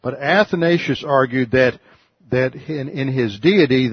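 A man's voice: mid-range voice, no echo, dull audio. A man giving an explanatory Bible-teaching sermon in a lecturing manner, often restarting his phrases.

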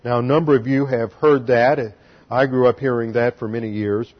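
A man's voice: medium pitch, fairly even intonation, moderate pace, dull audio. A man teaching a sermon as pastor, explaining Hebrew grammar step by step and spelling out letters.

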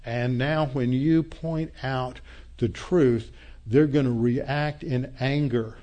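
A man's voice: medium pitch, darkish tone. A man preaching a sermon, teaching a Bible passage verse by verse in an emphatic manner. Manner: emphatic Bible teaching with frequent restarts and quoted voices. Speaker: pastor.

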